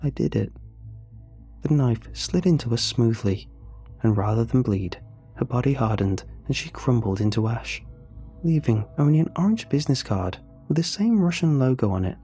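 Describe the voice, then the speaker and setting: Brief: breathy, mellow male narrator for horror audiobooks, steady and measured. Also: mid-range voice, faint music behind.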